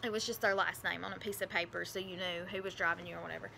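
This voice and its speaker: A woman's voice: fairly low pitch, fairly even intonation, rapid-fire, vocal fry, background noise. A young woman with a country accent telling a personal story in a casual, rambling, earnest way, with lots of fillers. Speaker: adoptive mother vlogger.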